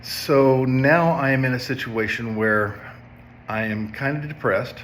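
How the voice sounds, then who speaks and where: A man's voice: medium pitch, unhurried, a bit bright, slight background noise. A man in his fifties, a substance abuse counselor, telling a personal story to viewers in a conversational way, often checking in with "okay?". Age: 50s.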